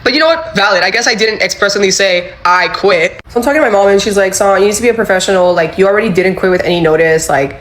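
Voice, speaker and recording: Young woman, animated storyteller, acts out quotes, swears freely. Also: mid-range voice, fast, few pauses, rough recording. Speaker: former employee telling her story. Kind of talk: casual storytelling.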